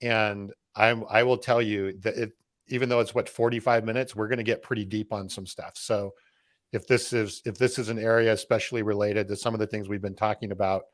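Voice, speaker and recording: A man co-hosting a business webcast, talking in a relaxed, chatty way. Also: on the low side, a little fast, no room sound, clean studio sound. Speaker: co-host. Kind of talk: casual webcast chat.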